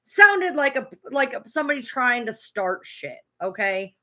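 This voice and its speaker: A woman's voice: fairly high pitch, very animated, a little slow, sharp tone. A woman streamer ranting at a clip she is reacting to, swearing hard and repeating herself. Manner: heated, swearing, repetitive. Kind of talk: profane livestream rant.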